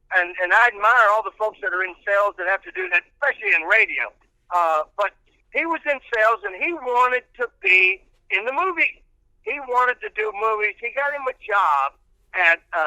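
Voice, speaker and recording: A man's voice: sits high, pushed and bright, no room sound, rough recording. An older man, a radio personality, telling rambling stories in casual podcast chat with many restarts.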